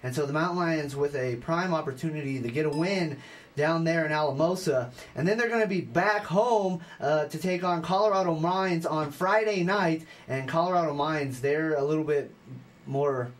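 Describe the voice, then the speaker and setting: A young man with a fairly high voice hosts a college radio sports hour. He talks in a loose, chatty way and reels off scores and stats, stumbling over restarts and fillers as he goes. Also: moderate pace. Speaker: sports radio show host.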